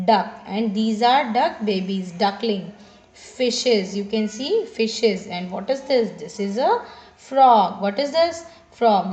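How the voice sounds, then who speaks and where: A woman teacher, giving a lesson to young children, slowly repeating each word and asking questions aloud. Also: on the high side, darkish tone. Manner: slow, repeats words and asks questions aloud. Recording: very echoey room with faint noise.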